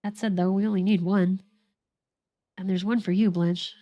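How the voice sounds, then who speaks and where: A woman's voice: medium pitch, steady tone, moderate pace, warm tone, close to an everyday voice. A woman voicing an earnest, remorseful young man who is an older brother, reading the lines aloud in her own voice.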